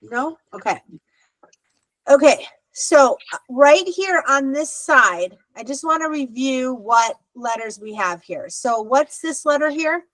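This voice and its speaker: A woman's voice: sits high, animated, slow pace, a bit bright, no room sound, low-quality recording. Patient woman teaching an online class. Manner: patient, explanatory, with frequent "okay" check-ins. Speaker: Hebrew teacher. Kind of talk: online adult class instruction.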